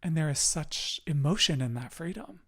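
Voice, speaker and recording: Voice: medium pitch, animated, moderate pace, a bit bright. A podcast host speaking in an affirming, encouraging and emotive way during a casual chat.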